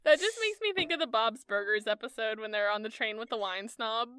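Bright, slightly high woman; casual podcast co-host, dry close sound, chatty storyteller. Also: clean tone, no room sound. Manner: chatty storyteller, quick asides and laughs. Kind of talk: casual chat.

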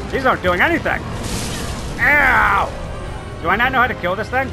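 Loud excitable man shouting over game music. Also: high voice, moderate pace, vocal fry, long pauses. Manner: excitable, shouting, joking, swearing. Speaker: let's play gamer. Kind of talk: loud gameplay commentary.

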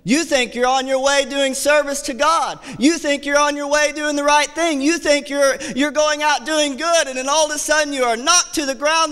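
A man's voice: very high-pitched, bright, forceful tone, in a large hall. A man preaching a fervent sermon as associate pastor, repeating key phrases and reading scripture aloud. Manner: reads scripture aloud in old-fashioned wording. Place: church sanctuary.

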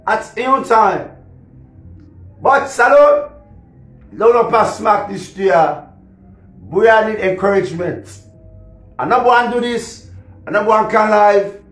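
A man with a high, lively voice and a Sierra Leonean Krio English accent speaks a little slowly, with long pauses and faint music behind him. A musician and social media personality, he rambles through a casual live-stream rant in a raised voice, repeating himself and laughing between lines. The room is reverberant and echoey.

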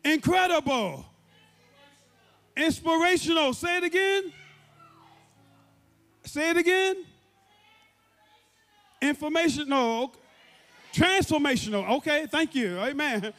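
A man's voice: very high voice, animated, takes it slowly, pauses often, a bit bright. A man hosting a church service, energetically leading the congregation in call-and-response and repeating prompts. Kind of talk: call-and-response crowd hype. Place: large church sanctuary. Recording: reverberant hall with faint music.

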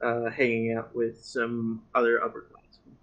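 A man serving as game master, setting scenes in an unhurried, easygoing way during a tabletop game. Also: mid-range voice, monotone, a bit bright, lo-fi sound.

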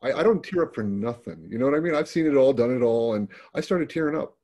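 A man's voice: mid-range voice, animated, fast, dark tone. A middle-aged man working as a paramedic, telling stories from his work in a plain-spoken, conversational way with frequent restarts. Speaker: paramedic guest. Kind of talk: conversational storytelling.

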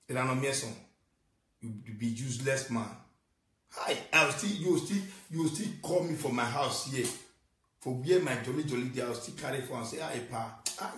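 A man with a Nigerian accent giving a scolding, repetitive rant in Pidgin and English, swinging between shouting and muttering. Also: medium pitch, far from the mic. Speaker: social media ranter. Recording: echoey room, voice off-mic.

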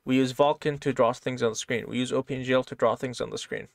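A man's voice: medium pitch, steady tone, fast talker, gravelly, no room sound, studio quality. A man teaching programming in a casual, step-by-step way, often checking in with "right?". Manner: casual, explains step by step, keeps asking "right?". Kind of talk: screen-share coding lesson.

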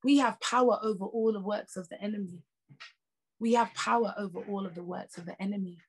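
A woman's voice: medium pitch, a little fast, slight background noise. British woman preacher, emphatic, repeats lines for punch, chatty asides. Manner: conversational asides and laughs. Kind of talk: sermon.

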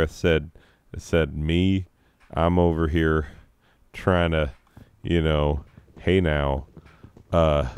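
A high man rambling crudely and joking as he hosts his own gameplay commentary. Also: clean tone, dry recording. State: high on drugs. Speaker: let's play host. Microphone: own desk microphone.

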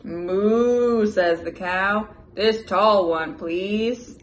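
Young mom vlogging, reading aloud. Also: female voice, a little high, unhurried, slight background noise. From United States. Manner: animated read-aloud with sound effects. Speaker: vlogger, mother. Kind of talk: casual vlog chat and reading a picture book aloud.

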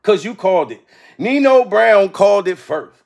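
A man hosting a live stream, ranting profanely in a loose, rambling way, laughing often and shouting out viewers in the chat, his voice going hoarse. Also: high voice, lively intonation, normal speed. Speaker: livestream comedian host.

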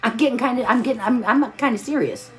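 A woman's voice: a little high, quick pace. A tired woman hosting a live stream, chatting casually while she crafts and greeting viewers by name with pet names.

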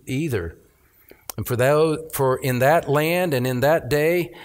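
Here a pastor, a middle-aged man, works through a passage of scripture out loud, slowing down on phrases. His voice is medium in pitch, and his stress on key words rises as he preaches.

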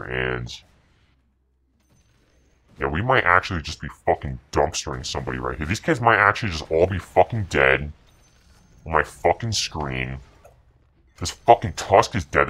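Extremely low in pitch yet pushed and bright, a man's voice runs commentary on a video game he is playing. Full of boasting and profanity, he mocks the other players contemptuously and keeps cycling through repeated catchphrases.

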